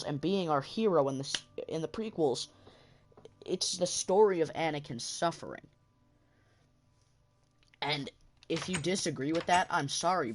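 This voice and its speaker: A man hosting a gaming channel, talking in a casual rambling monologue while he plays, passionate and often restarting his sentences. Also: fairly high pitch.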